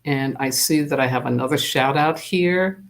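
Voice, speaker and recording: A spiritual teacher hosting a live stream, talking casually and unhurriedly, with many pauses and fillers, and greeting viewers by name. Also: medium pitch.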